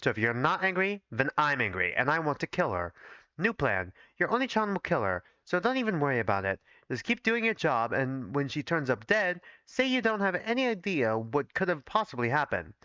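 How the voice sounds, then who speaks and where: A man's voice: a little high, big pitch swings, a little fast, bright, forceful tone, dry recording, dull audio. A man voicing a scheming male doctor who talks coaxingly and matter-of-factly about murder. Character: scheming male doctor, protective older-brother type.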